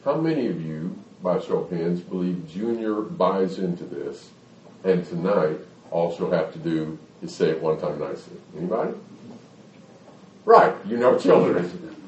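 A man's voice: low voice, sing-song, measured pace, a little mellow, highs cut off, slight background noise. A man giving a talk to an audience on parenting in a folksy way, acting out little scenes to explain his points. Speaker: speaker on parenting. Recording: echoey hall, mic at a distance.

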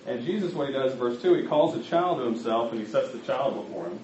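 A man's voice: mid-range voice, animated, quick pace, darkish tone, a little hiss or hum. A man preaching a sermon, talking conversationally and speaking directly to his congregation. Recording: roomy, slightly muffled recording.

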